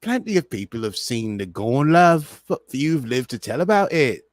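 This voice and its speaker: A man's voice: mid-range voice, big pitch swings, normal speed, no room sound, clean studio sound, lightly acted. A man putting on an exaggerated cockney voice for a female starship officer, tossing in "love" and "governor". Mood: hammy.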